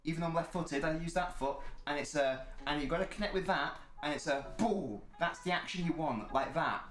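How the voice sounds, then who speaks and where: A man's voice: a little high, brisk, fairly bright tone. Chatty young man streaming. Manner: chatty, jokey, reads chat aloud. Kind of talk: casual live-stream chat.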